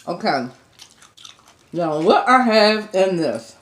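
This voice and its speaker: A woman's voice: mid-range voice, very animated, takes it slowly. A woman hosting an eating show, chatting casually to viewers between bites and humming over her food. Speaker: mukbang host.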